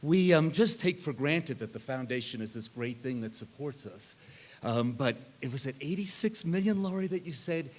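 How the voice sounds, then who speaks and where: An older man speaking at a reunion, telling animated anecdotes and acting out the people in them. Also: medium pitch, moderate pace. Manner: animated anecdote teller, acts out others' lines. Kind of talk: storytelling talk.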